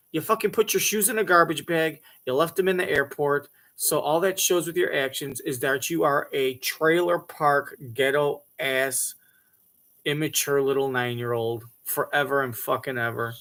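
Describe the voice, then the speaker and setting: A man ranting in a mocking, profane comedic way, swearing freely and putting on voices. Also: fairly high pitch. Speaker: commentator reacting to a talk show clip.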